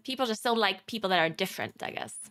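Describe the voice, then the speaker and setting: A woman's voice: medium pitch, animated, quick pace, a bit bright. A young woman from South Tyrol chatting casually on her game stream, laughing often and swearing offhandedly. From South Tyrol, Italy. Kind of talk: casual chat while streaming.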